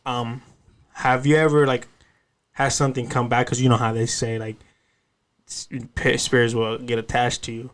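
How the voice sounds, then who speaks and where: A man's voice: medium pitch, level tone, normal speed. A man hosting a podcast in casual chat, loose and slangy, swearing freely and laughing easily. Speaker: podcast host.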